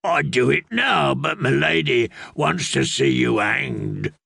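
A man's voice: medium pitch, expressive, slow, creaky, pushed and bright, slightly rough, no echo, studio quality, heavily acted. A man voicing a menacing, mocking outlaw in a dog-headed helm in an audiobook. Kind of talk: audiobook character voice.

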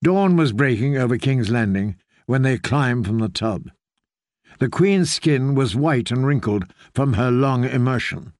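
A man narrating an audiobook in a steady, even storytelling manner. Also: medium pitch, a little slow, no room sound, studio quality. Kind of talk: scripted narration.

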